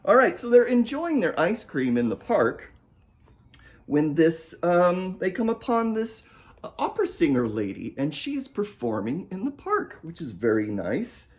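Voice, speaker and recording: A man reads a picture book aloud to children, playful and inviting them to join in. He speaks at an unhurried pace with a very animated pitch, moving up and down freely. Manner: playful, talks to young listeners and asks them to join in. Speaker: children's author reading his picture book. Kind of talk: storytime read-aloud for children.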